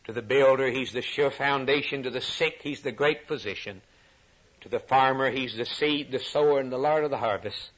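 A man preaching a sermon in a rhythmic cadence, climbing to high, shouted peaks and dropping back to quiet asides.

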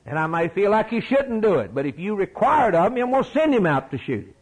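A man's voice: sits high, big pitch swings, fast, husky, poor audio. A middle-aged man preaching a sermon in a folksy, emphatic way, repeating his key phrases.

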